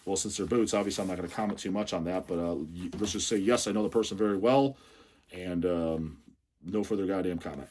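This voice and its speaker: A man's voice: low-pitched, quick pace, a little mellow, slightly rough. A man hosting a metal channel, reading out viewer questions and answering them in a blunt, mocking, heavily profane rant. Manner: swears constantly, mocking and blunt.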